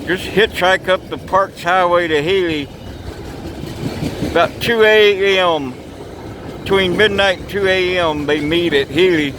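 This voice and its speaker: Slow-talking folksy man outdoors. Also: high-pitched, noisy background. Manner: rambling, folksy, swears casually. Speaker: vlogger. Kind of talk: casual outdoor vlog narration. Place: outdoors by railroad tracks.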